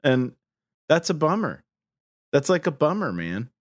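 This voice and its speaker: A man's voice: on the high side, sing-song, a little slow, no echo, studio quality. A man co-hosting a podcast in casual chat, drawling his lines with "man" and "dude" in a mock stoner voice. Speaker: podcast co-host.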